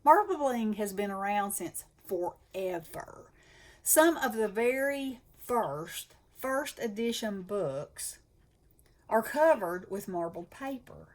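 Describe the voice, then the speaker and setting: A woman's voice: medium pitch, lively intonation, takes it slowly. A woman with a Southern US accent chatting enthusiastically as host of a craft channel. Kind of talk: casual chat.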